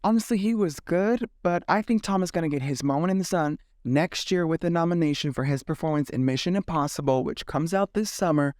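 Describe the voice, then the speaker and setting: Sassy animated man talking about movies. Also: fairly high pitch, brisk, hardly any pauses, dry recording, clean studio sound. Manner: sassy, animated, swears freely, does mock voices. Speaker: film commentary host. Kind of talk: casual scripted vlog commentary.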